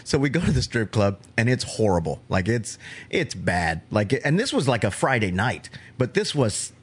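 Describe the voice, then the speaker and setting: A man's voice: lowish voice, very animated, moderate pace, husky. A man hosting a podcast, chatting casually and telling a story with easy laughs. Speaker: podcast host.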